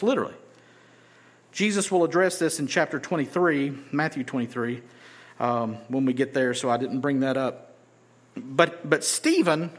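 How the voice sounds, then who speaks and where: High-voiced preacher. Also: male voice, fairly bright tone. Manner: conversational preaching, rising emphatically on key points. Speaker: pastor. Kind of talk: sermon.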